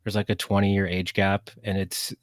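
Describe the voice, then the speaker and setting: Wry, low-voiced male podcast guest. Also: little pitch movement, moderate pace, no echo, clean studio sound. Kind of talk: casual podcast chat.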